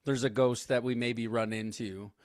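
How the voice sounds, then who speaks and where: A man's voice: mid-range voice, moderate pace, no room sound, clean studio sound. A man co-hosting a podcast, casually recapping a film and acting out lines from scenes. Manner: animated retelling with acted-out quotes. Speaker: podcast co-host. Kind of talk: casual movie recap chat.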